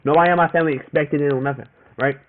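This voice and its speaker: A young man with a fairly high voice speaks very fast, telling a personal story in a casual, rambling monologue packed with slang and repeated phrases. He gets animated when quoting other people, moving his voice up and down. The audio is tinny and phone-like, with faint noise.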